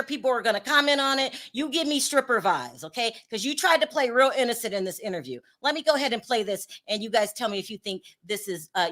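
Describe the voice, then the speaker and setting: A woman's voice: sits high, bright, forceful tone. A woman hosting a gossip commentary channel, talking bluntly and sassily straight to her viewers. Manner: blunt, sassy, talks straight to the audience.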